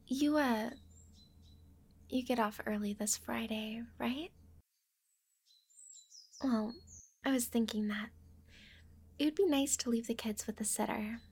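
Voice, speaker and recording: A young woman in a whispered role-play, speaking in an intimate, teasing, affectionate breathy whisper. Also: fairly high pitch, darkish tone. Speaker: audio role-play performer.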